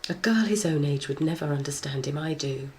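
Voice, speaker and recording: A woman's voice: low-pitched, fairly quick, a little hiss or hum, lightly acted. An actress playing a woman who defends her troubled relationship earnestly in a TV drama. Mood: defensive. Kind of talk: TV drama acting.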